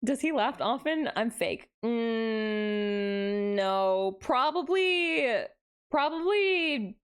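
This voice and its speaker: A woman's voice: on the high side, lively intonation, extremely slow, clean tone. A young adult woman streaming casually, greeting chat with gasps and laughs. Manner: bubbly, gasping greetings to chat, frequent laughs. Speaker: VTuber streamer.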